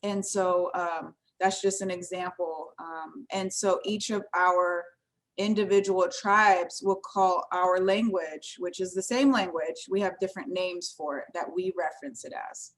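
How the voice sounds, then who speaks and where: Woman presenter, lowish pitch, relaxed conversational delivery with many fillers. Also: measured pace. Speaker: tribal language program presenter. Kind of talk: informal presentation with screen share.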